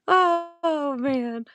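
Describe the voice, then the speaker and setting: A woman hosting a casual live-selling stream, chatty and quick to laugh while she talks about items. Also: very high voice, sharp tone. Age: adult, mother of a teen. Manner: giggly, chatty, laughs often.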